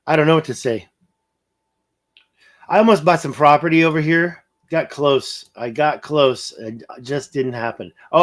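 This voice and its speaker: A man hosting a casual livestream, thinking aloud as he pans over a map and reads viewer comments. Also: on the high side. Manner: rambling, thinking aloud, reading viewer chat. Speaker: livestream host.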